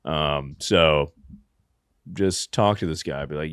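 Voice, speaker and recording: Deep-voiced joking male podcast host. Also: slow pace, long pauses, a bit bright, clean tone, dry recording, clean studio sound. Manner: crude, joking, laughs often. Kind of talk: casual comedic advice chat.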